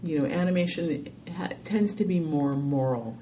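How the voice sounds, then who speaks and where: A woman talking casually as an interview guest about her filmmaking, rambling and animated with lots of "you know"s. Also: sits low, moderate pace, slight background noise.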